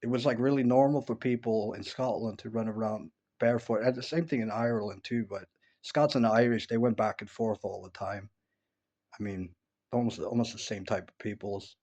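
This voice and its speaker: A man's voice: fairly low pitch, fairly even intonation, normal speed, darkish tone. Rambling man telling stories at home. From upstate New York, USA. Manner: rambling, many restarts and fillers. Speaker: vlogger. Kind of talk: casual personal monologue. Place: at home, indoors.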